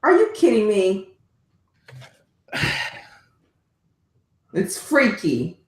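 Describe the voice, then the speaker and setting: Animated woman in an echoey room. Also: medium pitch, extremely slow. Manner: animated, exasperated scolding with bursts of laughter. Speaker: podcast co-host. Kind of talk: casual chat.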